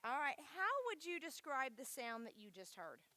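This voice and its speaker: A woman's voice: sits high, sing-song, moderate pace, pushed and bright, a little hiss or hum. A woman leading a children's church lesson, upbeat and coaxing, often saying "all right". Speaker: Vacation Bible School leader.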